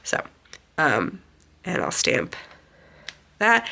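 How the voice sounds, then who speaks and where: A woman with a stuffy, nasal voice from a lingering cold talks through a home craft tutorial. Her tone is bright and forward, a little low-pitched for a woman. She chats loosely and fills pauses with "um" as she works. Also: wildly swooping pitch, vocal fry. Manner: chatty, rambling with fillers. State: congested, sick nasal voice. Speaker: craft channel host. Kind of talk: casual craft tutorial narration.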